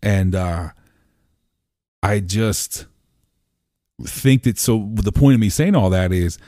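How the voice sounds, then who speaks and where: A man's voice: fairly low pitch, slow, dark tone, no echo, clean studio sound. A man from Pennsylvania, a podcast guest, telling stories in a loose, rambling way, full of "you know" fillers and casual swearing. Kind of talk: casual storytelling conversation. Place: home room.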